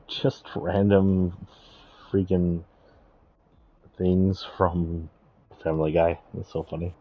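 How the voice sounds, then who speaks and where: A man's voice: deep voice, drawn-out words, pauses often, husky, lo-fi sound. A man giving casual, rambling gameplay commentary, thinking aloud and correcting himself as he goes. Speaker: streamer.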